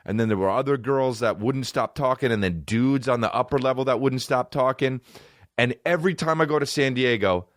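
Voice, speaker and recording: A man's voice: mid-range voice, fairly bright tone, dry recording, studio quality. A man hosting a podcast, delivering a heated, profane rant with emphatic repetition. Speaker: podcast host and comedian. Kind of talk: profane ranting monologue.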